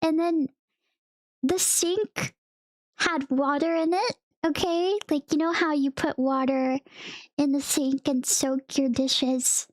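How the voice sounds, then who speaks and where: High-voiced giggly young woman streamer. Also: steady tone, slow pace, no echo, clean studio sound. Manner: giggly, laughs often between sentences; rambling, storytelling with "like" and "okay?". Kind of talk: casual chat to viewers.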